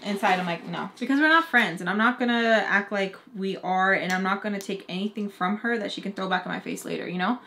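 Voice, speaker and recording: A woman's voice: mid-range voice, fast talker, few pauses, sharp tone, slight background noise. A young woman chattily retelling a personal story, acting out both sides of the conversations and using "like" a lot. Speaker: storytime vlogger. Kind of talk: casual storytelling.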